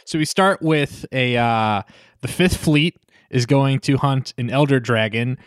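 A man's voice: medium pitch, a little slow, no echo. A man in casual podcast chat with a mid-range voice, joking as he recaps a film and laughing often. The sound is dry and close to the mic. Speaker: podcast co-host.

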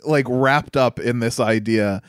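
A man's voice: mid-range voice, a little slow, clear, resonant tone, no room sound. Chatty man with dry, close sound. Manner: chatty, laughs often, incredulous. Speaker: podcast co-host reviewing a film. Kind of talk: casual review chat.

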